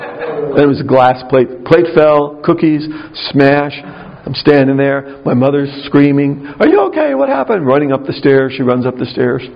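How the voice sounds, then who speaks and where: A man with a gravelly, slightly husky voice gives a spiritual talk, conversational and wry, weaving in personal stories. The sound is a dull, lo-fi recording. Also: mid-range voice.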